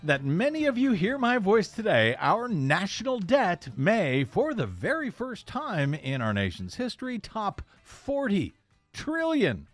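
Animated, sardonic male radio host. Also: high-pitched, unhurried, no echo, faint music behind. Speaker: radio host and investigative blogger. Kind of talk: political talk radio monologue.

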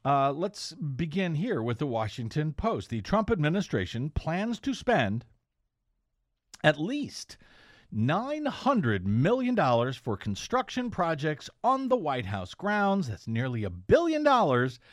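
A man's voice: on the high side, huge pitch swings, a little slow, no echo, clean studio sound. A man hosting a political talk radio show, delivering a sardonic, pointed monologue. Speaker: radio host and investigative blogger.

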